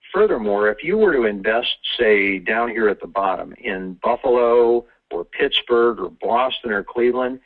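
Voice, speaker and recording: Husky man presenting over a phone line. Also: lowish voice. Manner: upbeat, salesy, quick delivery with asides. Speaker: real estate investor and webinar host. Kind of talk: presenting a webinar. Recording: tinny phone-line audio.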